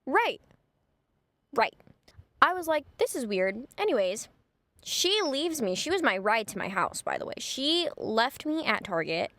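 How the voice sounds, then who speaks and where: A woman's voice: on the high side, very animated, measured pace, fairly bright tone, dry recording. Chatty young woman, dry close voice. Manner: chatty, gossipy, full of "like". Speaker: vlogger. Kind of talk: casual storytime.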